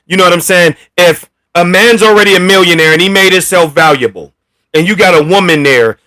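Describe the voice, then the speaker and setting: A man hosting a casual commentary rant, blunt and profane, talking with animated energy. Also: sits high. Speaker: commentary channel host.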